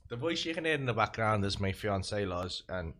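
A man with a Liverpool accent hosting a podcast, rambling through anecdotes with plenty of swearing and quick voices for the people in his stories. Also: lowish voice, animated, fairly bright tone, a little hiss or hum. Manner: rambling storyteller, heavy swearing, acts out quoted voices. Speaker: podcast host. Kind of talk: casual podcast chat.

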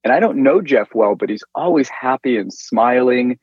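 A middle-aged man from Northern California, an interview guest telling a personal faith story in an animated way and acting out quoted lines. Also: mid-range voice, normal speed, breathy edge, no echo. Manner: animated storyteller who acts out quoted speech. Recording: dull lo-fi dry sound.

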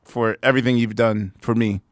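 A man's voice: medium pitch, fairly even intonation, a little fast, no room sound, clean studio sound. A man hosting a podcast in casual chat, telling rambling anecdotes full of "like". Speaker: podcast host.

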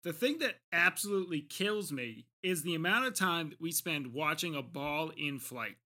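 A man's voice: on the high side, lively intonation, normal speed, sharp tone. A man in a casual podcast chat, critiquing a film in an exasperated, complaining way.

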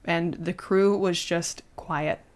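A woman's voice: on the low side, fairly even intonation, slow. A woman hosting a podcast, casually retelling a true story with lots of conversational fillers. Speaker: podcast host.

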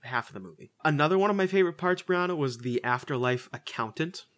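A man's voice: on the high side, lively intonation, quick pace, fairly bright tone. A man casually reviewing a movie on a podcast, loose and profane, full of fillers and restarts. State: says he is a little high. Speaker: podcast co-host.

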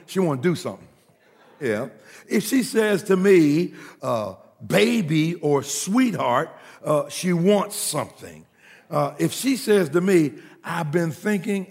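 A man preaches with a high, gravelly voice, trading quips with his congregation and calling for responses. He climbs into fervent shouted exhortation. The sound rings with long reverb from a large hall. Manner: humorous asides to the congregation. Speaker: pastor. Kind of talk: sermon.

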